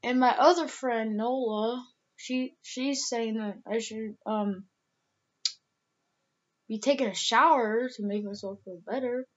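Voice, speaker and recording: A woman's voice: fairly high pitch, takes it slowly, lo-fi sound. Teary rambling young woman vlogger. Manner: rambling, heavy use of "like", many restarts; emotional, close to tears. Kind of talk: casual vlog talk.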